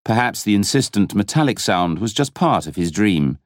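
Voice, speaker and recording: A man reading a novel aloud as an audiobook narrator, in a dramatic, expressive style. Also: on the low side, normal speed, no room sound, clean studio sound. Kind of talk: scripted narration.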